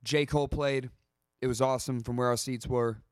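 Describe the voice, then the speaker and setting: A man's voice: medium pitch, steady tone, brisk, dry recording, clean studio sound. A man hosting a podcast, chatting casually with slang and jokes. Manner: laid-back, joking, Southern slang. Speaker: podcast host. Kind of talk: casual chat.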